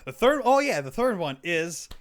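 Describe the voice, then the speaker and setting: A man's voice: high voice, big pitch swings, normal speed. A young man from Quebec co-hosting a casual movie podcast, rambling with many fillers and restarts. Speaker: podcast co-host. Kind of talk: casual chat.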